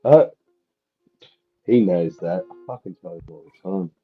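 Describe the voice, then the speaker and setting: A man's voice: deep voice, measured pace, husky, no room sound, phone-quality sound, faint music behind. A man co-hosting a livestream, chatting casually, swearing a lot and telling crude jokes. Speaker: livestream co-host. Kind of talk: casual chat.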